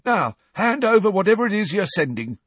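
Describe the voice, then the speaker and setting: Shrill, spiteful old caretaker, hissing and furious, as a male narrator puts him on; storybook reading, dry recording. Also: big pitch swings, a little fast, slightly rough, no room sound, full character voice. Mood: smug.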